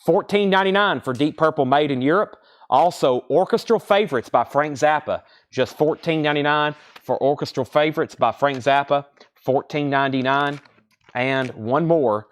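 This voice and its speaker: A man's voice: fairly high pitch, normal speed. A man hosting a live record sale stream, chatting casually and rattling off prices, bids and condition notes. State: out of breath.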